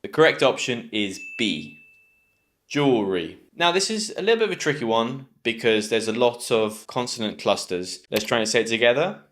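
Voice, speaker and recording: A man's voice: mid-range voice, lively intonation, brisk, hardly any pauses, a bit bright. A man with a British accent teaching English pronunciation, enunciating carefully and encouraging learners to repeat words. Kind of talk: scripted online lesson.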